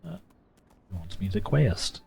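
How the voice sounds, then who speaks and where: A man's voice: deep voice, big pitch swings, measured pace, gravelly, darkish tone, husky. A man with a Southern US accent, chatting casually and rambling as a livestreamer while playing a game. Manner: rambling, self-correcting, chuckling. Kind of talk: casual gaming livestream chat. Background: faint game music.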